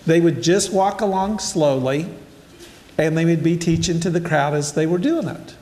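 A man's voice: on the high side, moderate pace, darkish tone. An older man giving a casual sermon, reading scripture and then explaining it in a conversational, storytelling way while addressing his listeners directly. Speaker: preacher. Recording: echoey hall.

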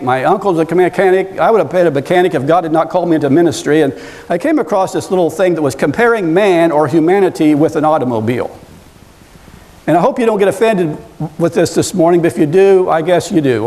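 A high-voiced man preaching in a casual, folksy way, full of asides and little jokes for the congregation. His voice rings with the long reverb of a church hall. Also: quick pace, darkish tone. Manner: folksy, chatty asides and humor. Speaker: pastor. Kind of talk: sermon.

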